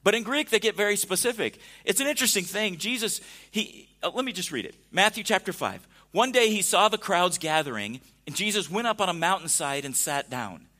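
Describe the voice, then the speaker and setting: A man's voice: high voice, animated, fairly quick, few pauses, pushed and bright. A man preaching a sermon in a conversational way, asking his listeners questions. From United States. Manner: conversational, asks the audience questions. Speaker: pastor.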